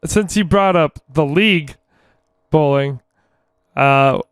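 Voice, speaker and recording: A man's voice: on the high side, slow pace, fairly bright tone, clean tone, no room sound. A man co-hosting a podcast in casual chat, swearing freely and laughing a lot. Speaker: podcast co-host.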